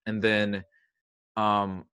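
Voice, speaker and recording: A young man, a podcast guest, tells a story in a chatty, self-mocking way, full of fillers and acted-out quotes. His voice sits on the low side. The sound is dry and close. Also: level tone, very slow, bright, forceful tone, clean tone, dry recording. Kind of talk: casual storytelling.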